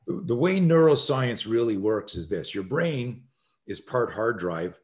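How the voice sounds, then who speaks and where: A middle-aged man, a self-defense instructor, telling a story in a podcast interview, acting out quoted voices and swinging between loud and soft. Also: medium pitch, expressive, a little slow.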